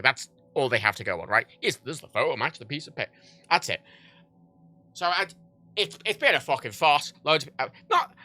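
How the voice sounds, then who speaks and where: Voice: mid-range voice, sharp tone, no echo. A livestreamer ranting heatedly and profanely in casual talk while playing a game.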